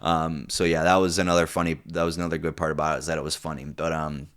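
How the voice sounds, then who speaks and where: A young man with a very deep, low-pitched voice talks through his opinions on a TV series. He rambles casually, swears a lot, and keeps restarting his sentences with ums and uhs. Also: little pitch movement, fast, a bit bright, smooth. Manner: rambling, profane, many fillers and restarts. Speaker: TV show reviewer. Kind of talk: casual unscripted commentary.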